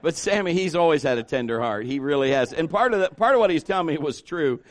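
A middle-aged man preaching a sermon at a church service, telling stories in an animated way and acting out the voices of the people in them. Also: fairly high pitch, fast. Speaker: pastor.

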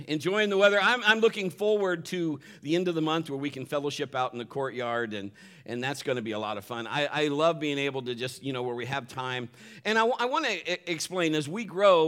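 A man's voice: medium pitch, fairly bright tone, clean tone. A man pastor giving a folksy, joking sermon and church announcements on a live stream. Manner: folksy, upbeat, joking, with many restarts.

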